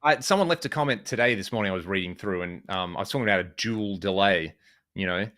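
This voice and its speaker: A man's voice: low voice, quick pace, fairly bright tone. An Australian man from Western Australia, chatting casually as a podcast guest, rambling with lots of fillers and restarts. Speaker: podcast guest, guitar video creator. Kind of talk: casual chat.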